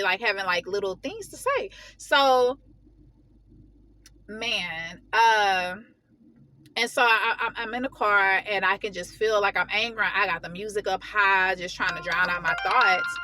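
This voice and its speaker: A woman telling a personal story in a casual vlog, venting heatedly in slangy, animated talk. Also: medium pitch. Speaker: vlogger.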